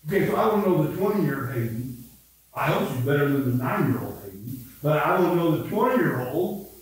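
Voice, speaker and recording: Older midwestern pastor rambling thru a story, very echoey room, sounds far from the mic. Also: male voice, fairly high pitch. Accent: Midwestern American. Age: 70s. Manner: rambling storyteller, self-mocking. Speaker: pastor leading Bible study. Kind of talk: casual anecdotal Bible study talk. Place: church room.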